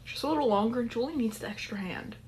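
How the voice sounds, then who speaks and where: A woman's voice: a little high, fast, a little mellow, slight background noise, natural voice. A woman voicing a proud, stubborn rich male boss laid up in bed, curt, formal and dismissive. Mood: stern. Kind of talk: dramatic story reading.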